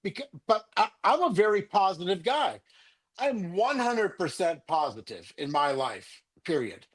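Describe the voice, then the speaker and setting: The voice sits high with big pitch swings and a slightly slow pace. It belongs to an older sports card collector ranting angrily and rambling with profanity in a heated livestream at home over a video call.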